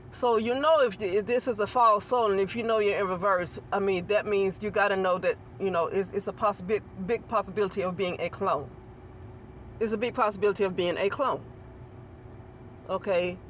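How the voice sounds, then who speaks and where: A woman's voice: medium pitch, a bit bright, slight background noise. A woman hosting her own channel, talking through a casual spiritual monologue in a rambling way, often restarting and repeating phrases and asking "okay?" for agreement. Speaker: channel host.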